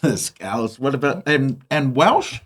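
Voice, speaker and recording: A man's voice: mid-range voice, big pitch swings, slow pace, breathy edge. A man hosting a casual podcast interview, chatty and laughing easily. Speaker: podcast host.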